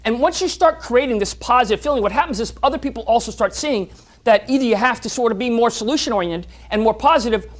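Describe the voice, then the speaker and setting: Speaking quickly at a medium pitch, someone delivers a lively motivational talk to a club meeting. Their stories are punctuated by frequent restarts where words get repeated.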